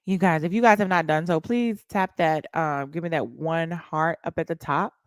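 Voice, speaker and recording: A woman's voice: deep voice, moderate pace, no echo, studio quality. A woman, livestreaming and chatting bluntly and mockingly to her viewers. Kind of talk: casual livestream chat.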